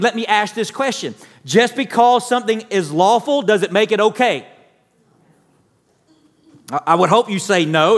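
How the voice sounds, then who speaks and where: A man's voice: sits high, fairly bright tone, long reverb tail. A man preaching a sermon as pastor, conversational, often checking in with his listeners and sometimes restarting words. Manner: conversational preaching, frequent "all right?" check-ins, some stammered restarts.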